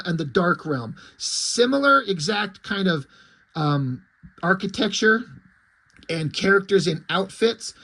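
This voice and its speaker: Rambling, high-voiced man reviewing comics. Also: fairly bright tone. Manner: rambling, amused, lots of fillers. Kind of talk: casual comic read-through.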